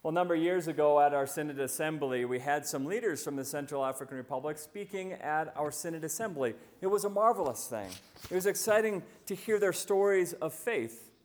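Storytelling male preacher, higher-pitched. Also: expressive. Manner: storytelling, slowing right down for emphasis. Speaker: visiting pastor. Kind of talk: sermon.

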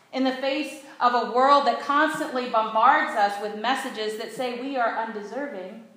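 A woman preacher delivering an earnest sermon in a church sanctuary, leading the congregation in call-and-response. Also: on the high side. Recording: very echoey church hall.

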